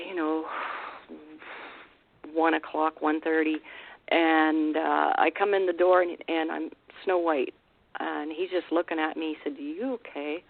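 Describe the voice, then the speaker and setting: Low-voiced woman on a tinny phone line. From Canada, Vancouver Island. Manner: emotional, halting, many restarts. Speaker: guest, Sasquatch researcher. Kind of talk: radio interview, telling a personal encounter. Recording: dry, phone-like radio call line.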